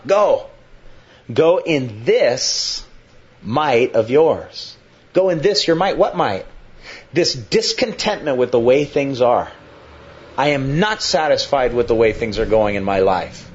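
Conversational male pastor preaching. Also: highs cut off. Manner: conversational, dramatizes quotes with sudden pitch jumps. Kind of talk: expository sermon.

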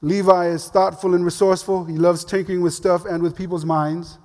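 A man's voice: high voice, level tone, a little fast, mellow. An older man, a pastor, giving a sermon in a casual, humorous storytelling way. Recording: long reverb of a large hall.

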